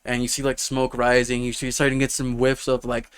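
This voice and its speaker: A man's voice: medium pitch, monotone, quick pace, smooth. A man narrating a tabletop fantasy game as game master, rambling with lots of fillers. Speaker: dungeon master.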